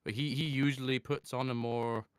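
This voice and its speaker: A man, a voice actor chatting in an interview, reflective and quick to laugh. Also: medium pitch, steady tone, clear, resonant tone. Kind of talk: casual interview talk.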